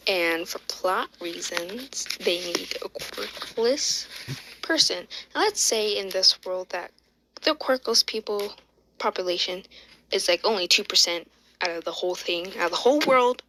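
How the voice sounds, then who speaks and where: A woman's voice: mid-range voice, bright, forceful tone, a little hiss or hum, low-quality recording. A woman casually retelling a fan story, rambling with many fillers and correcting herself as she goes.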